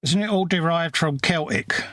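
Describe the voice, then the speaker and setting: A man's voice: on the high side, normal speed, a bit bright, no echo, clean studio sound. A man co-hosting a live stream in casual chat, talking things over and often checking in with tag questions. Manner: conversational, leans on tag questions like "isn't it?". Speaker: livestream co-host.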